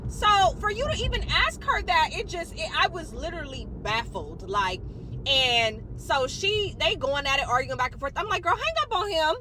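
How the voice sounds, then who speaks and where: A woman telling a personal story casually, in an expressive, slang-heavy way. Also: sits high, normal speed. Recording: noisy urban background with traffic.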